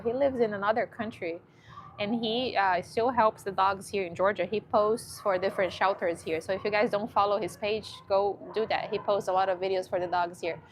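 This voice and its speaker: A woman's voice: fairly high pitch, slight background noise. A woman chatting casually on a livestream from a dog shelter, emotional and cooing at a shy dog.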